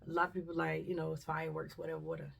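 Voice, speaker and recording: A woman's voice: low voice, level tone, rapid-fire, creaky, husky, far from the mic. A woman vlogger, telling a story casually and animatedly, acting out voices and dropping to whispers.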